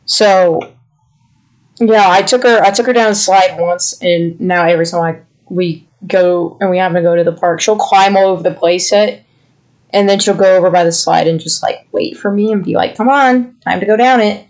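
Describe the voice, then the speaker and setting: Chatting casually with fond, rambling warmth, a man co-hosts a podcast. His high voice holds a steady tone at a moderate pace.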